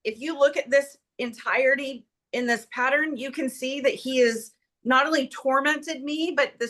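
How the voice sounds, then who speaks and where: A woman testifying as petitioner at a court hearing, recounting events in an agitated, rushed way. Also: sits high, sharp tone.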